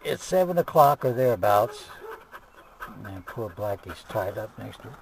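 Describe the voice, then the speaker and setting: Older man chatting lively while he works. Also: fairly low pitch, moderate pace, creaky, noisy background. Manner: chatty running commentary while working on a car. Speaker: vlogger. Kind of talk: casual do-it-yourself vlog. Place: outdoors beside a car.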